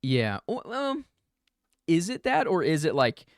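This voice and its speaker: A man's voice: on the high side, huge pitch swings, measured pace, no echo, clean studio sound. Musing man in casual podcast chat. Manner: musing, rambling with many fillers. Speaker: podcast co-host.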